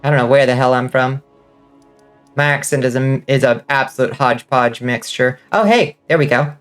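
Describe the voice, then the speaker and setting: A woman with a faint Southern accent and a slight lisp, giving casual gaming commentary while enunciating clearly. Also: a bass voice, moderate pace, faint music behind. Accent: subtle Southern US. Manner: clear enunciation, swears and laughs often. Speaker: vtuber streamer.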